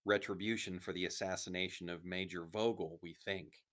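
Man voicing a desperate young girl, tearful, low voice pushed higher, storybook role. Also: fairly even intonation, normal speed, a bit bright. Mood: earnest. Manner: pleading, tearful. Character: young girl, brave but frightened.

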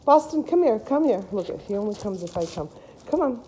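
A woman's voice: mid-range voice, sing-song, fairly quick, dark tone, slight background noise, poor audio. A woman hosting a casual family home video at home, coaxing a dog in a sing-song voice. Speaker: host.

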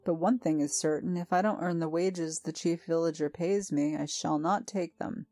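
A woman's voice: low voice, steady tone, normal speed, mellow, dry recording, soft background music. A woman voicing an elderly, weary and honest old man in a storybook reading. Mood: resolute.

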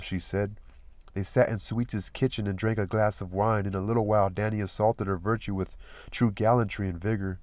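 A man reading a novel aloud as narrator, in a steady, measured storytelling manner. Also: on the low side, no room sound. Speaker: audiobook reader.

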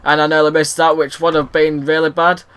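A young man giving rambling, excitable commentary over his own gameplay and shouting at the game. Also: a little high, fairly quick, smooth. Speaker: gaming video host.

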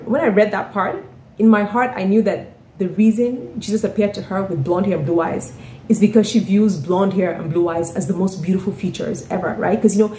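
Woman just chatting thru a story, mellow voice, keeps saying right? you know?, roomy echo. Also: medium pitch, a little hiss or hum. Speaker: author and vlogger. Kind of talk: casual storytelling. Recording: roomy echoey room.

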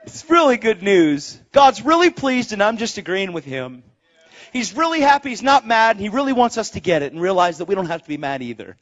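A male preacher with a high, lively voice delivers an excitable sermon from a stage. He swings between hushed asides and loud bursts. The sound is dull and lo-fi. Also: brisk.

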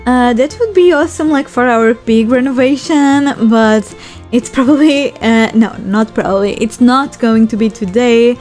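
A woman casually commenting on a life-sim game as she plays, chatting and scolding her characters, with quick bursts of laughter. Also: a little high, darkish tone, soft background music. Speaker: let's play host.

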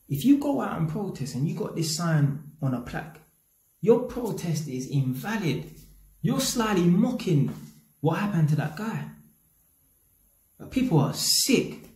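A man's voice: a little high, darkish tone, roomy sound. A man with a London accent giving a blunt, slang-heavy opinion rant straight to his audience, swearing freely. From England. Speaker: YouTube commentator.

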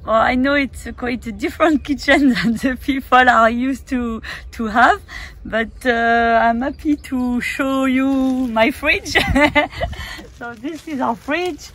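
French-accented woman wellness coach, slow and hesitant, slightly high voice, casual vlog delivery. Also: a bit bright. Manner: halting, hesitant, many fillers, laughs often.

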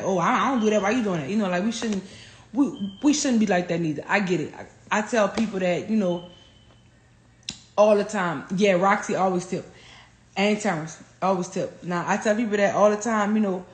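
A woman, telling stories on a phone livestream in a profane, animated way. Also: on the low side. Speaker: livestream host. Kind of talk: casual livestream rant. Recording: roomy echo.

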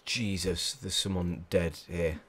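A man's voice: low-pitched, steady tone, slow pace, a bit bright, slightly rough. A young English man commentating his game play from a small room at home, jumpy, panicky and swearing a lot. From England. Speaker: gamer.

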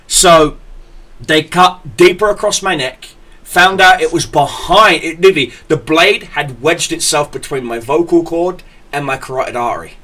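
A young man, a podcast host telling stories in casual chat, profane and animated, acting out the people he quotes. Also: fairly high pitch, moderate pace.

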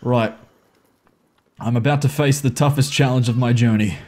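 In his horror-game commentary, a jittery male host curses a lot, pleads with and scolds the characters, and his voice spikes when he's startled. The voice is mid-range and darkish, with a steady tone and moderate pace.

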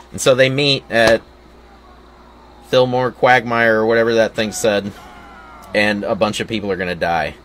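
Laughing, slow-talking gamer man. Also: mid-range voice, expressive, fairly bright tone, slight background noise. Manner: laughs constantly, swears, jokey and rambling. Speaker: gaming video host. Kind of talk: casual gameplay commentary. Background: game music and battle sounds.

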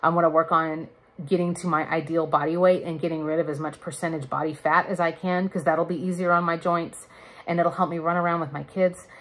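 A woman's voice: sits low, fairly even intonation, a little fast, fairly bright tone. A woman in her thirties chatting candidly to camera in a casual vlog, laughing now and then. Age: 30s. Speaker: vlogger. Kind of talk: casual chat.

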